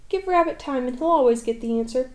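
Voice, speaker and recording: Old donkey, gloomy and sardonic, deadpan delivery , woman reading. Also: high voice. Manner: dry, slow, sarcastic.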